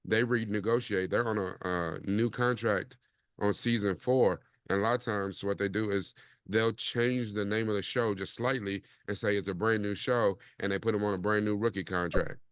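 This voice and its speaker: A man with a lowish, smooth, resonant voice hosts a casual podcast, talking in a relaxed, rambling way. He leans on fillers often, and the close mic sounds dry. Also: moderate pace, no echo. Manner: laid-back, rambling, frequent fillers. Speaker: podcast host.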